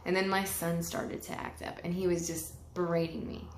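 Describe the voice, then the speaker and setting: A woman's voice: fairly low pitch, little pitch movement, normal speed, a little hiss or hum. A woman talking casually and candidly in a personal vlog, getting emotional and swearing freely. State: tearful at times. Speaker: vlogger. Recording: echoey room.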